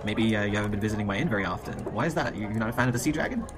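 A man voicing a stern female innkeeper in a tabletop game, speaking slowly and haltingly. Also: on the low side, close to an everyday voice. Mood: suspicious. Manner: slow, hesitant, halting delivery.

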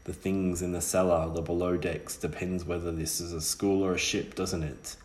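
A man voicing a calm, menacing boy who taunts in a dream. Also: sits low, moderate pace, echoey room, lightly acted. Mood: taunting.

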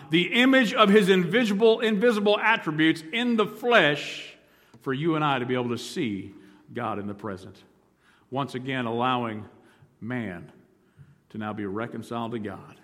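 A male pastor preaching a sermon, swinging from loud emphatic lines to low, hushed ones. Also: big-room sound.

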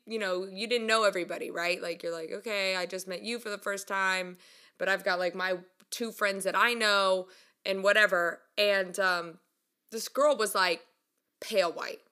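A young woman telling a story casually and mocking herself, laughing often and jumping up in pitch when she acts out quotes. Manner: chatty and self-mocking, laughs a lot; animated, voice jumps up when acting out quotes. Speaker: vlogger.

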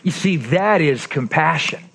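A male pastor preaching a sermon, acting out quoted lines with lively swings between emphatic and soft, intimate tones. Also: a little high, unhurried, vocal fry, breathy edge. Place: church.

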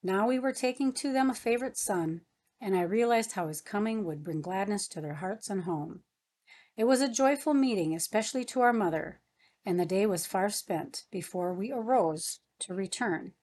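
A woman reading a devotional novel aloud as an audiobook narrator, in a gentle, devout manner. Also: mid-range voice, expressive, moderate pace. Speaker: audiobook reader. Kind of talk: scripted narration.

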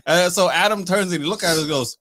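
A man's voice: sits high, fast talker, no echo. A young man casually telling a rude party story to friends on a podcast, swearing and acting out what people said. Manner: animated, swearing, acts out quotes. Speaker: podcast host.

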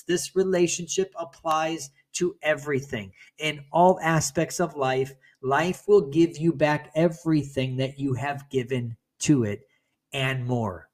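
A man's voice: fairly high pitch, fairly even intonation, measured pace, a little mellow. A man giving an earnest motivational talk to other men, speaking emphatically and sometimes restarting his phrases.

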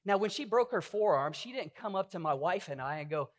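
A man's voice: high voice, big pitch swings, brisk, hardly any pauses. Earnest male pastor preaching. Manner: earnest preaching with rhetorical questions. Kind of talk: sermon.

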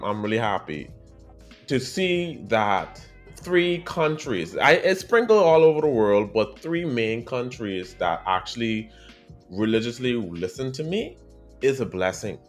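A man with a Bahamian accent, hosting a podcast in a chatty, expressive monologue that speaks straight to his listeners. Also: mid-range voice, unhurried, soft background music. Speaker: podcast host.

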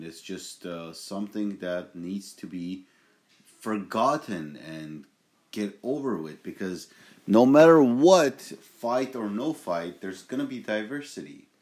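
A man's voice: low-pitched, lively intonation, a little slow. A young man hosting a casual home podcast, rambling with fillers and restarts. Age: young adult. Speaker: podcast host.

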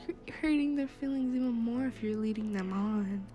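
A woman's voice: a little high, normal speed, hardly any pauses. A young woman hosting her own podcast in casual, rambling chat, with plenty of fillers and laughs, recorded while she sits in a classroom. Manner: chatty, rambling, laughs often, many fillers. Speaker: podcast host. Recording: music behind the voice.

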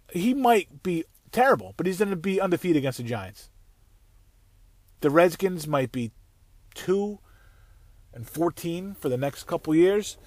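A man's voice: fairly high pitch, darkish tone, no echo. A man hosting his own show, ranting angrily about football with heavy swearing and rambling restarts. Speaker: podcast host. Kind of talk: profane sports rant. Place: on the way to work, solo recording.

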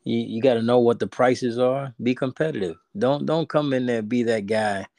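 A man's voice: medium pitch, steady tone, normal speed, gravelly, a little mellow, no echo. A man, chatting on a podcast and telling a rambling story with many restarts. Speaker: podcast co-host. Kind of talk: casual podcast chat.

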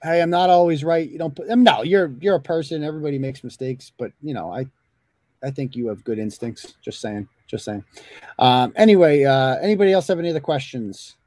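A man's voice: a little high, fast, darkish tone, no echo. A man hosting a live talk show, chatting casually, bluntly and with plenty of swearing. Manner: blunt, swears freely, rambling. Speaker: host.

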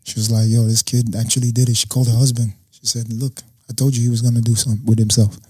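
A man's voice: medium pitch, quick pace, husky, no echo. A young man, a guest, telling a personal story in casual talk and acting out what people said. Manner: animated storyteller acting out quotes.

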